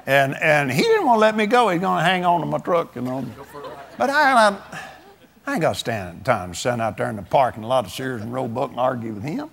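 Gravelly and a bit bright, this man's mid-range voice swings widely in pitch and moves fairly quickly. In his seventies, he preaches a folksy sermon full of chuckling stories and drawling, plain talk.

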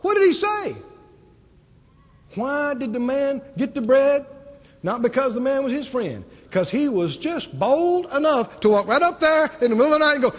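With an extremely high pitch and a normal speed, a man with a Southern accent from the American South delivers a spirited sermon. Rhetorical questions and acted-out voices ring out under a long reverb tail.

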